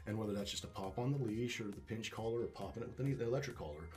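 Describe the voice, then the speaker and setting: A man's voice: fairly low pitch, rapid-fire, darkish tone, faint music behind. A man speaking as a dog trainer being interviewed, talking casually and emphatically, swearing and repeating words as he restarts.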